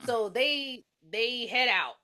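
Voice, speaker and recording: A woman with a fairly high, slow voice co-hosts a podcast, recapping a movie in casual chat full of swearing. She's animated, acting out the characters' lines as she tells it.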